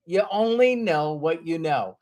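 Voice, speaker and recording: A man's voice: fairly high pitch, expressive, measured pace, darkish tone. A man from North Dakota hosting a live stream as a motivational speaker, greeting viewers by name and repeating his key lines in an earnest, emotional way. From North Dakota, USA. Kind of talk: casual live-stream talk.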